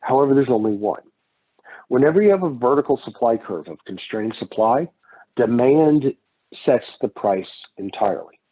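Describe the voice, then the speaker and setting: Casual man lecturing on economics, husky tinny sound. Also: mid-range voice, lively intonation, normal speed. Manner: casual, digressive, with personal anecdotes. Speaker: economics instructor. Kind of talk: recorded lecture.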